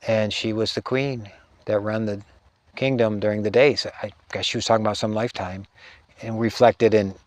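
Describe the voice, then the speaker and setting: A middle-aged man, a spiritual teacher, telling a meandering story in a halting way, full of restarts and trailing phrases. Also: on the low side, fairly even intonation, no echo.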